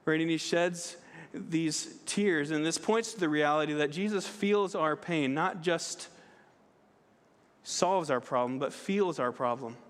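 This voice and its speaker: A man's voice: on the high side, unhurried. A male pastor preaching a sermon in a conversational way, often asking "right?" and restarting his phrases, in a church sanctuary. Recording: long hall reverb.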